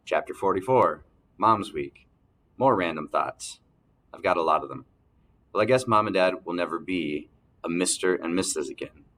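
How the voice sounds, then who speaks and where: A man narrating an audiobook in the first person, telling the story calmly and evenly. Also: deep voice.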